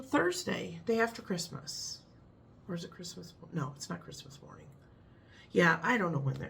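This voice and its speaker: A woman's voice: medium pitch, vocal fry, slight background noise. A middle-aged woman with a Midwestern American accent, chatting casually to camera in a rambling way and laughing at her own stories. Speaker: vlogger.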